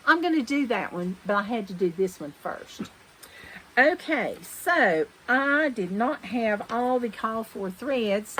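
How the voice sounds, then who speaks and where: A woman's voice: on the high side, fairly bright tone, slight background noise, rough recording. Chatty woman showing stitching. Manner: chatty, rambling, corrects herself mid-sentence. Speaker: cross-stitch vlogger host. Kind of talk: casual show-and-tell chat.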